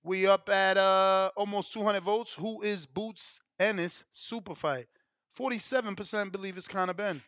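A man hosting a boxing call-in show, taking callers and reading out poll results in a relaxed, slangy way. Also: high-pitched, moderate pace, no room sound, clean studio sound. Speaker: podcast host taking calls.

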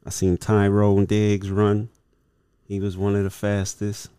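A man's voice: lowish voice, completely flat delivery, measured pace, mellow, clear, resonant tone. A man hosting a casual podcast, talking loose and slangy, swearing and laughing easily. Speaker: podcast host.

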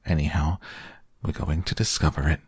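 A simple, cheerful bear, as a man reads him speaks in a hushed, half-whispered way. The voice is low and a little gravelly, read close and dry for a bedtime story. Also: fairly even intonation, moderate pace, no room sound, exaggerated voice. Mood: muddled. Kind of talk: soft bedtime storybook reading.

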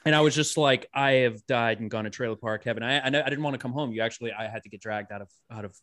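A man's voice: mid-range voice, fast talker. Swearing man from Massachusetts, chatting. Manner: swears freely, laughs often, animated storytelling. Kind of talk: casual chat.

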